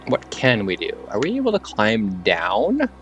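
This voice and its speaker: A man's voice: lowish voice, wildly swooping pitch, measured pace, fairly bright tone, soft background music. A man streaming while gaming, chatting in a rambling way and slightly slurring his words. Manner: rambling, full of "like" fillers. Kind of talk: casual live-stream chat while gaming.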